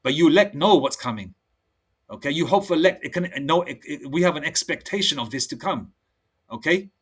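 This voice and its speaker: Slangy preacher, casual sermon. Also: male voice, fairly high pitch, expressive, slightly rough. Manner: casual street slang, drawn-out scripture reading. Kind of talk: informal online sermon and Bible study.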